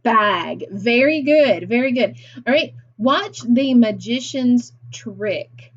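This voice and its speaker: A woman teaching a phonics lesson to young children, deliberate and encouraging, with frequent praise. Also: a little high, expressive, lo-fi sound.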